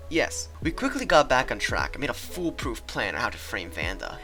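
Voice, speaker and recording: A young man giving scripted, sarcastic comedic narration with deadpan asides. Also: mid-range voice. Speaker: channel host and narrator.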